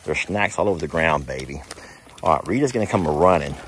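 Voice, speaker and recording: A man's voice: deep voice, animated, fast, slight background noise. A man narrating a casual vlog outdoors in a pasture, folksy and chatty, talking to his animals as he goes. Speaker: animal sanctuary owner.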